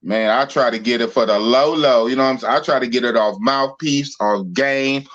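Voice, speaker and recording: A man's voice: medium pitch, moderate pace, fairly bright tone, highs cut off. A man from Oakland, California, hosting a podcast in slangy, playful casual chat. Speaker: podcast host.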